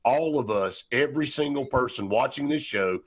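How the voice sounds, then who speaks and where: A man's voice: medium pitch, normal speed. A man hosting a sports talk show, rambling with many restarts and fillers.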